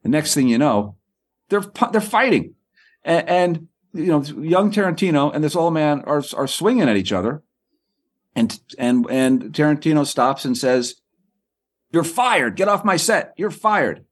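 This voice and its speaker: Husky middle-aged man, author guest, animated storyteller, stumbles over words. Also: fairly high pitch. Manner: quick, repeats words and acts out quoted people.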